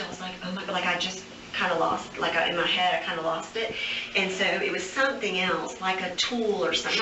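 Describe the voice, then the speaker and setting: A woman giving a recorded statement to police, rambling on without pause and full of fillers. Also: fairly low pitch. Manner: rambling nonstop, many fillers. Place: police interview room. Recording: echoey, distant, noisy interview room recording.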